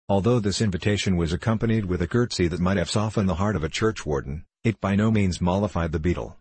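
A man reading a classic novel aloud as an audiobook narrator, in measured, formal storytelling. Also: deep voice, darkish tone, husky, no room sound.

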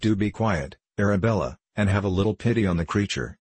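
A gentle young working man, earnest and soft-hearted, read by a man in a deep voice. His tone is husky and low. The reading sounds dry and close. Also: lively intonation, fairly quick, no echo. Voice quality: earnest, pleading.

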